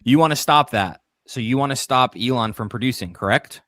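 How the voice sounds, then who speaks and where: A man's voice: mid-range voice, a little fast, a bit bright, no room sound, clean studio sound. A man co-hosting a live call-in political stream, talking casually, laughing often and arguing his points. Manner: chatty, laughs often, argumentative. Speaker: co-host of a call-in political show.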